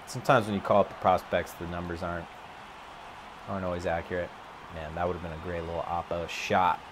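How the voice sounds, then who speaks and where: Background noise accompanies a man's fairly quick live commentary on his own video game from an empty office. He's excitable, his voice jumping high once he gets worked up.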